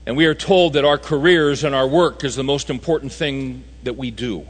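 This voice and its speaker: A man's voice: medium pitch, moderate pace. A man speaking at a men's conference, telling folksy stories with humor and driving his points home through repetition. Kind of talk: sermon. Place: large conference hall. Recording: reverberant hall recording.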